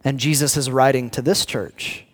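A man preaching a sermon, telling the story with animated energy, restarting and repeating words, and dropping low and quiet when he reads scripture. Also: moderate pace. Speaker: pastor teaching a sermon series.

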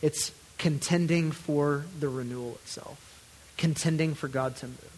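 Earnest preacher in a reverberant hall. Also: male voice, on the high side, steady tone, a little slow, darkish tone, slight background noise. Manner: earnest, building to pleading intensity then dropping to near-whispers. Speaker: pastor. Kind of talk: sermon.

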